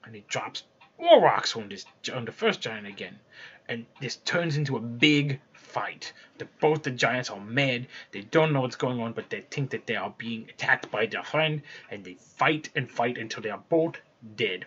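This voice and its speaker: A man's voice: mid-range voice, lively intonation, normal speed, fairly bright tone, breathy edge. A man casually retelling a fairy tale in a loose, conversational way, with restarts as he goes. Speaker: storyteller. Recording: dull lo-fi recording.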